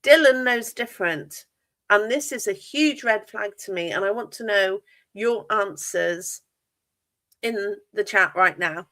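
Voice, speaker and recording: On a true crime livestream, a woman host with a mid-range voice speaks a little slowly in a sharp tone. She fires pointed, disbelieving questions with emphatic stress, sounding incredulous throughout.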